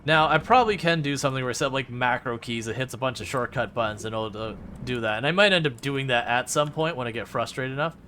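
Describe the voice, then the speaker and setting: A man's voice: medium pitch, quick pace, few pauses, bright, forceful tone, slight background noise. A man chatting casually to his chat while streaming a driving game, rambling with lots of fillers and playfully mocking the game.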